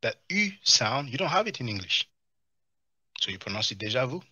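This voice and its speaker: A man's voice: medium pitch, moderate pace, husky, dry recording, highs cut off. A man hosting a live stream, reading chat and mocking the video clips he plays. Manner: mocking, animated, answers chat comments.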